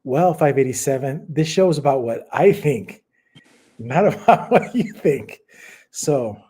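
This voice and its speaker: A man's voice: mid-range voice, lively intonation, a little slow, warm tone, slightly rough. A man co-hosting a casual podcast chat, a rambling storyteller who stops and restarts often. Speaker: podcast co-host.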